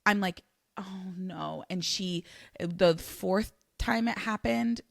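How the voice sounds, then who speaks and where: A young woman co-hosting a faith podcast, telling her story in an emotional, animated way. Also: medium pitch, slow pace, gravelly, dry recording, clean studio sound. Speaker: podcast co-host. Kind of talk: casual chat.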